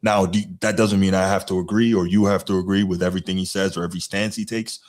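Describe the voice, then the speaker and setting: A male podcast host with a very deep voice talks in a casual, hesitant way. He often pauses, restarts and fills gaps as he works through his point. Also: level tone. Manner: hesitant, lots of "you know" and restarts. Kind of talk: casual chat.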